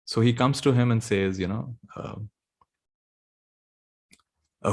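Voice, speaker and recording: A man giving a dharma talk, telling a story gently and laughing often as he goes. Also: mid-range voice, animated, normal speed, long pauses. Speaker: spiritual teacher.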